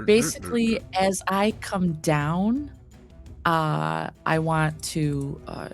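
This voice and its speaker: A woman playing in an online tabletop game, describing her moves slowly and hesitantly. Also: sits low, gravelly, over music. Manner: slow and hesitant, many fillers. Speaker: player. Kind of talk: tabletop game play over voice chat.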